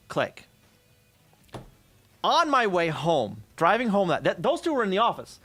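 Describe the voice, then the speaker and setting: Telling a story during a casual stream, a man swears, gets animated and voices the characters himself. He speaks high and a bit slowly with frequent pauses, while faint music plays in the background.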